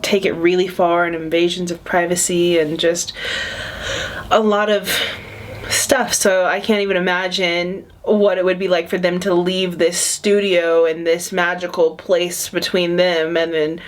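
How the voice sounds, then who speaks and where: A woman's voice: fairly low pitch, little pitch movement, unhurried. A woman in her twenties chatting casually and emotionally as she reacts to a video, rambling with many fillers. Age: 20s.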